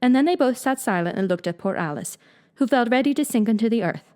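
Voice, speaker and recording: A woman reading a classic children's book aloud as audiobook narrator, in even storytelling narration. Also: a little high, fast.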